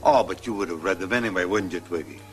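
A man's voice: deep voice, quick pace, soft background music. An older man hosting a scripted comedy sketch, easygoing and wryly amused. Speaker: show host.

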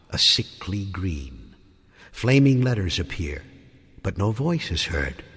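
A man narrating a spooky story in a theatrical style that swells toward shouting at the climax. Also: deep voice, slightly rough. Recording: reverberant hall with music beneath.

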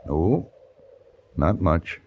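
A terse Western manhunter. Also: male voice, low-pitched, drawn-out words, breathy edge, exaggerated voice. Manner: dry, terse and steady. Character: calm, tough Western manhunter who narrates. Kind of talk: 1950s radio drama narration and dialogue. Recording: dull old radio recording with music.

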